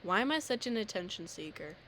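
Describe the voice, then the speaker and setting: A woman's voice: medium pitch, animated, a little fast, pushed and bright, a little hiss or hum. Rambling teen girl, self-deprecating. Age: teens. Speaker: vlogger. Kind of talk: casual rant to camera.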